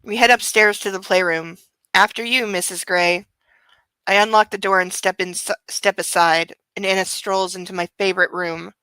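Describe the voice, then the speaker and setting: A smug young billionaire lover narrates his own craving in a crisp, bright voice, as a woman reads him from a novel. He leans into his words with breathy, drawn-out emphasis. The sound is close and dry. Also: mid-range voice, fairly even intonation, no echo, close to an everyday voice, poor audio. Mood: brooding. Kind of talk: dramatic reading of a novel.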